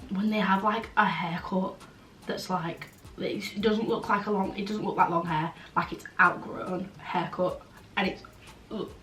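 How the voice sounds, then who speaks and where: A woman's voice: medium pitch, fairly bright tone. A young woman chatting frankly in a casual vlog Q&A, blunt and full of "like" fillers. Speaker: vlogger. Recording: roomy, slightly distant, faint background noise.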